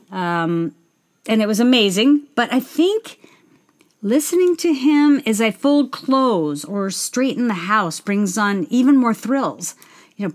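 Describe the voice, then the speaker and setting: A woman, a stage performer, casually telling a personal story in a chatty way, interrupting herself and acting out the people she quotes. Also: on the low side.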